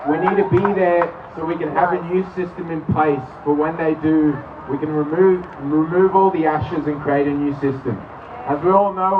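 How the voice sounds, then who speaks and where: A young Australian man giving an earnest, nervous, halting protest speech outdoors. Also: fairly high pitch. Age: young adult. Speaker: rally speaker. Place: outdoor street rally in rain. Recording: distant muffled mic, loud crowd and noise.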